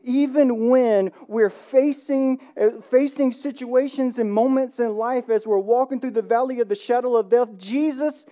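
A man pastor preaching a sermon, animated, swinging between loud emphasis and hushed passages, often asking the room "right?". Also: very high voice, normal speed, hardly any pauses. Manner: conversational, asks the room "right?".

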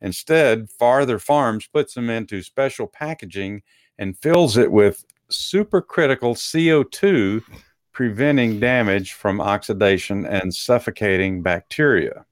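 Low-voiced man reading news with asides. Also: measured pace, dry recording, clean studio sound. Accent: Texan. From Texas. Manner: reads articles aloud with asides and chuckles. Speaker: co-host. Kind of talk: casual talk show chat, reading news items.

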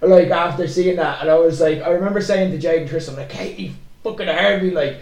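High-voiced man telling stories animatedly. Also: fast talker. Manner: animated storytelling, laughing often, swears freely. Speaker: podcast co-host. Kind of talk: casual chat. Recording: roomy echoey room.

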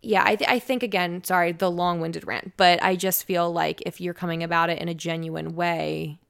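A woman's voice: on the low side, steady tone, moderate pace, creaky, fairly bright tone, clear, resonant tone. A young woman in casual podcast conversation, telling a long-winded story and acting out the people in it. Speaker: podcast guest, radio personality.

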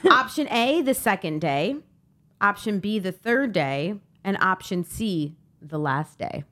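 A woman's voice: medium pitch, animated, a little slow, fairly bright tone. A woman hosting a quiz on a casual podcast, reading out questions and options and teasing the players with a laugh. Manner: playful, teasing, laughs often. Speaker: guest quizmaster.

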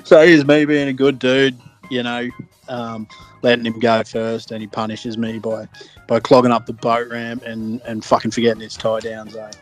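A man's voice: mid-range voice, little pitch movement, moderate pace, soft background music. An Australian man co-hosting a casual podcast, blunt and sweary, laughing easily as he tells a story. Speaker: podcast co-host. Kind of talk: casual chat.

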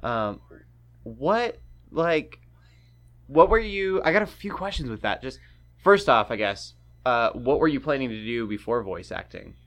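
A man's voice: mid-range voice, expressive, a little slow, a bit bright. A man hosting a casual interview, asking friendly, rambling questions. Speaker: podcast host.

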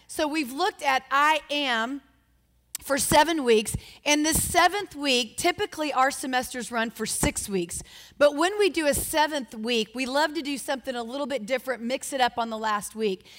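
A woman speaks from a church stage, chatty and talking straight to the audience. Her voice sits somewhat high for a woman. The hall around her adds a lingering reverb. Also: moderate pace. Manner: warm, chatty, addressing the audience directly. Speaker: women's Bible study leader. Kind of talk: church teaching and interview introduction.

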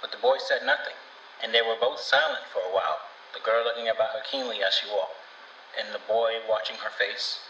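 Male storybook narrator, very bright sharp tone, echoey room. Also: medium pitch, slight background noise. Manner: calm, even storytelling. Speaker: storybook reader. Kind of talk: scripted narration. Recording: roomy, distant, dull sound.

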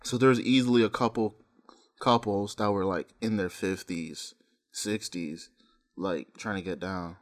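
A young man co-hosting a podcast, casually telling stories, laughing often and breaking into loud impressions of hype men. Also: lowish voice, steady tone, unhurried. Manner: laughing storyteller, mimics hype men with yells. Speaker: podcast co-host. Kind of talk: casual chat.

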